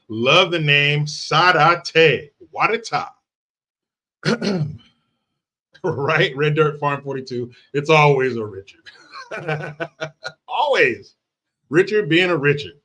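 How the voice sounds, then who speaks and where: A man's voice: on the high side, sharp tone. Brash, sarcastic man hosting commentary. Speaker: political commentary host. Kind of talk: casual livestream commentary.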